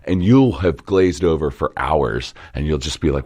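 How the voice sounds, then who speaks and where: A young man from the Baltimore area, an entrepreneur guest in a casual interview, rambling and animated, swearing now and then. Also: a bass voice, fairly quick, few pauses. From Baltimore area, Maryland.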